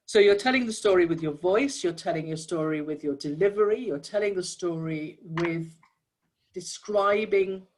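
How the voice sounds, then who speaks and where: An audio description trainer giving feedback to a workshop, explaining patiently with occasional fillers and restarts, heard over a video call. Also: mid-range voice.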